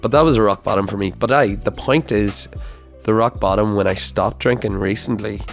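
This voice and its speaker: A young man talks through a personal story on his podcast, his voice sitting on the low side. He rambles, swears often and trips over restarts and fillers. Faint music plays underneath. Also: moderate pace, vocal fry. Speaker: podcast host. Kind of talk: casual storytelling monologue.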